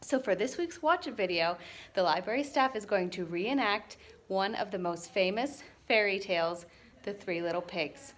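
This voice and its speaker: A woman librarian giving a scripted introduction for children, explaining things in a clear, friendly way. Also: mid-range voice, lively intonation, normal speed.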